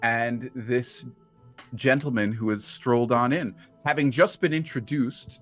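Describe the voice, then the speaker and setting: A man narrating as game master of a tabletop game, relaxed and unhurried. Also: medium pitch, faint music behind.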